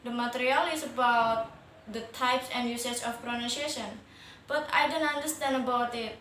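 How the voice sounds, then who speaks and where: A woman's voice: on the high side, fairly even intonation, normal speed, fairly bright tone, a little hiss or hum, lightly acted. A young woman playing a worried female student in an amateur class drama, reciting stiff lines in plain non-native English. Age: young adult. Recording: echoey room, far from the mic.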